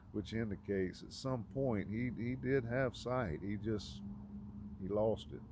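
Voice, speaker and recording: A man giving an informal, conversational sermon, halting often with fillers and restarts. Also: lowish voice, darkish tone, a little hiss or hum. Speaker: preacher.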